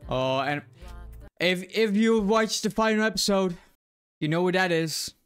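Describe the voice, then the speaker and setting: A young man swearing freely as he reacts casually to an anime opening and ending, loud and excited at times, hushed and quiet when moved. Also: high voice, unhurried, clean tone. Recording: faint music playing behind. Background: anime music playing.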